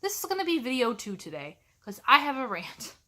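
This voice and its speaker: Exasperated woman teacher venting on camera, sharp bright tone, sarcastic edge. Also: high-pitched, big pitch swings, fairly quick. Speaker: college instructor. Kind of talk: ranting vlog to camera.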